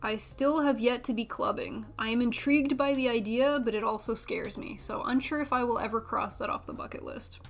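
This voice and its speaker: A woman's voice: a little high, brisk, few pauses. A young woman streamer chatting casually and self-deprecatingly while building a model kit, laughing often.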